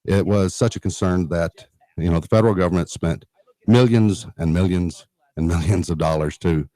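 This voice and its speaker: A man's voice: sits low, moderate pace, dark tone, no room sound. A man guesting in a radio studio, explaining emergency preparedness earnestly with frequent fillers and restarts. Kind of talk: radio talk interview.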